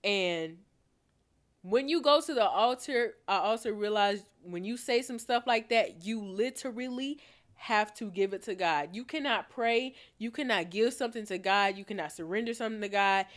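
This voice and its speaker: A woman's voice: medium pitch, moderate pace. A young woman, hosting a podcast and telling a personal story in a candid way, with emphatic repetition. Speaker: podcast host.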